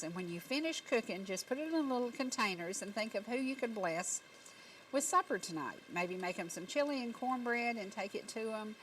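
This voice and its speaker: A woman's voice: lowish voice, a little hiss or hum, poor audio. Folksy Appalachian woman talk show host. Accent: Southern Appalachian. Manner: folksy, warm storytelling with country phrasing. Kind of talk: homespun talk show monologue. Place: TV studio set.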